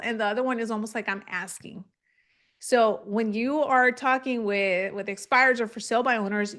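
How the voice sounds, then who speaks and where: Young woman, bit high voice, teaching to camera, role-plays call lines as she explains. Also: fairly bright tone. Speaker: real estate coach. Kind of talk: live online training talk.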